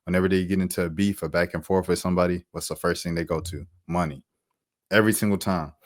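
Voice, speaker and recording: Young male commentator, deep voice, dry close sound, repeats himself for emphasis. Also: steady tone, fast, no room sound. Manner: slangy, repetitive, emphatic. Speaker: YouTube commentator. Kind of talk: casual commentary vlog.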